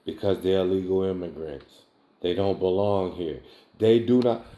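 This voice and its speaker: Tipsy guy reacting to a clip, low-ish voice, swears a lot, keeps asking rhetorical questions. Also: moderate pace, warm tone. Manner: emphatic and profane, with repeated rhetorical questions. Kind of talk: casual reaction commentary.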